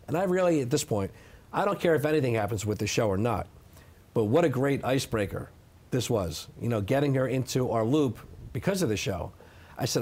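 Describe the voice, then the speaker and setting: Brief: thirties male interviewee, insistent and defensive, ordinary middle pitch. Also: expressive, fairly quick, a little mellow. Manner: emphatic, defensive, repeats "okay?". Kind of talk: sit-down interview.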